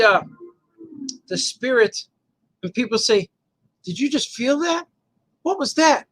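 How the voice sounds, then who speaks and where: His voice is very high, pushed and bright, recorded with no echo but in low quality. As a host and cartoonist on a casual chat livestream, he reads viewer comments and tells meandering, playful stories, often laughing mid-sentence and repeating words for effect.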